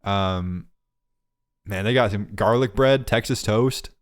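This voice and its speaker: A man's voice: fairly low pitch, slow. Joking, rambling young man podcasting. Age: 20s. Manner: joking, rambling bits with frequent laughs. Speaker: podcast co-host. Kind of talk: casual chat.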